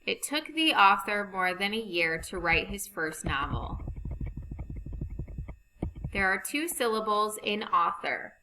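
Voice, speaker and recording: A woman teaching a phonics lesson over slides, reading rules and example sentences slowly and deliberately. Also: medium pitch, animated, bright, forceful tone, slight background noise, low-quality recording.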